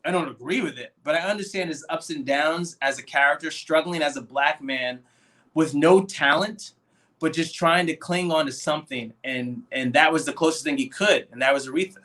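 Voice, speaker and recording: In a casual movie discussion podcast, a male co-host speaks at a normal speed with a fairly high pitch. He's animated, acting out the voices of the lines he quotes.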